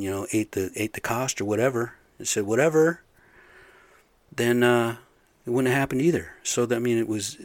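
A man's voice: on the low side, no room sound. A middle-aged man ranting casually, angry and profane, rambling with lots of fillers. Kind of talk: casual rant.

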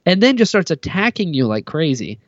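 A man's voice: on the high side, very animated, fairly quick, no echo. An enthusiastic man co-hosting a casual podcast, his voice swinging widely as he stresses his points. The sound is dry and slightly dull, like a modest home mic. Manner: enthusiastic, emphatic fan talk with big swings. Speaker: podcast co-host. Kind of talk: casual chat.

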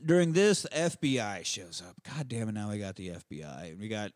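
Dude swearing his way through a movie recap, dry close sound, lively storytelling. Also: on the low side, no room sound. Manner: profane, animated retelling with quick voices for characters. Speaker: podcast host. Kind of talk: casual movie rewatch chat.

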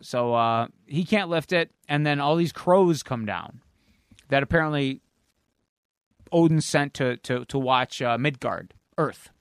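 A man co-hosting a podcast at a middling pitch, rambling through a story recap with plenty of fillers and the odd curse. The sound is dry and close, with no room echo. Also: unhurried, clear, resonant tone. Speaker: podcast co-host. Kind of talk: casual chat.

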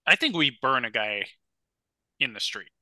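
A young man co-hosting a casual podcast, telling stories with lively, worked-up energy. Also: mid-range voice, a little slow, no echo. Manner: animated storyteller, gets loud and worked up. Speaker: podcast co-host. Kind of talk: casual chat.

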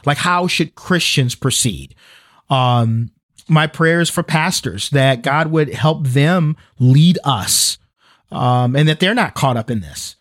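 A man's voice: mid-range voice, expressive, takes it slowly, fairly bright tone, no echo, clean studio sound. A man co-hosting a faith-based podcast, speaking earnestly and emphatically, often restarting and repeating words. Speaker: podcast co-host.

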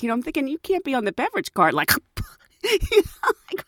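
A woman, a flight attendant, telling a story casually and acting out a coworker in a hushed voice. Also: high-pitched, fairly quick, no room sound, clean studio sound. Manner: animated, mimics coworkers in a hushed voice.

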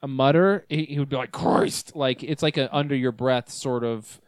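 A woman's voice: rumbling low, brisk, a little mellow, no room sound, studio quality. A woman co-hosting a comedy podcast, giggly and crude, joking while a book is read aloud. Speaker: podcast co-host.

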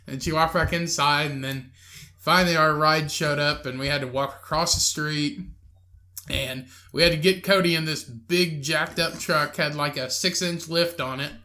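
Podcast co-host, male, crude laughing storyteller with a bright, slightly high voice. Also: normal speed. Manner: crude, laughing storyteller, acts out drunk friend and angry lady. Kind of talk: casual storytelling chat.

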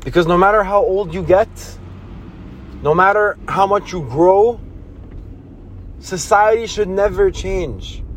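A man's voice: high-pitched, a little slow, pauses often, slight background noise. A man hosting a motivational podcast, talking earnestly with lots of restarts and repeated phrases. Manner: earnest, repetitive, with many restarts; acts out scolding voices in quotes. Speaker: podcast host.

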